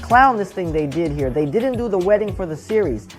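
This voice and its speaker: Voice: medium pitch, animated, fairly quick, soft background music. A show reviewer giving a casual, rambling recap of an episode, often adding "right?" and "bro".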